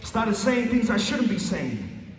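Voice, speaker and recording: A man's voice: high voice, very animated, slow pace. A man giving an earnest personal testimony, often restarting and repeating phrases for emphasis. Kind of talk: emotional testimony storytelling. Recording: echoey hall from a distant mic.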